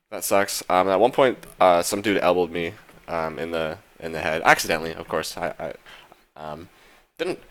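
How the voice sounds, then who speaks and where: A man's voice: sits low, a bit bright. A young man casually recapping a concert in a vlog, rambling with lots of fillers and casual swearing. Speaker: vlogger.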